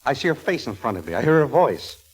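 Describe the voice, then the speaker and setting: An actor playing a dryly exasperated astronomer husband in a 1940s radio comedy, with sardonic quips. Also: male voice, mid-range voice, very animated, quick pace, close to an everyday voice. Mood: sardonic, giddy.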